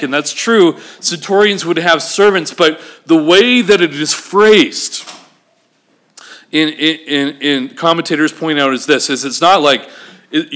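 Male pastor, animated sermon delivery, slightly high voice, asks the congregation questions.

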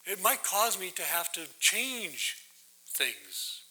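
A man teaches scripture as a pastor, drawing his listeners in with questions and a steady stream of "right?". His voice sits high and sounds very bright. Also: slow, poor audio. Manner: conversational, keeps asking "right?". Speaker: pastor leading a Bible study. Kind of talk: interactive sermon with questions to the audience.

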